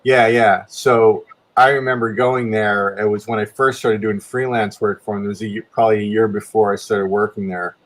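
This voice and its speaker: A man with a steady tone and normal speed spins a long, casual story full of restarts. When this guest artist quotes what he himself said, his pitch shoots up.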